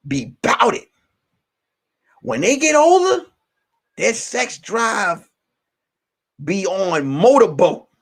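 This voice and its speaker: A man hosting as a comedian, ranting in a casual, profane, animated way and circling back to repeat his points. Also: on the high side, creaky. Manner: animated, profane, repetitive storytelling. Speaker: comedian host. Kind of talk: casual live-stream rant.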